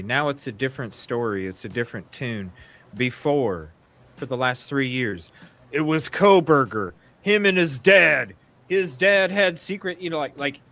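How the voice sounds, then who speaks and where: A man's voice: medium pitch, sharp tone. Blunt, swearing man hosting a talk show. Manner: blunt and opinionated, swears casually; rambling with frequent restarts. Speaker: podcast co-host. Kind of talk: casual true-crime talk show chat.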